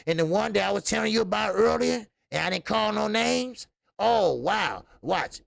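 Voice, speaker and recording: A man's voice: high voice, animated, moderate pace, gravelly, few pauses, a bit bright, no echo, clean studio sound. A middle-aged man hosting a boxing show in loose, profane, joking casual chat, full of filler sounds. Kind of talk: casual live-stream chat.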